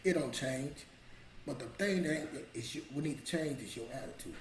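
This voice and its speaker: A middle-aged man gives a casual motivational talk, driving his points home by repeating them in plain, colloquial speech. His voice sits at an ordinary male pitch. The sound is roomy and echoey, with a faint ambient hum behind him. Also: moderate pace. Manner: emphatic, repetitive, colloquial, preachy. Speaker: motivational show host.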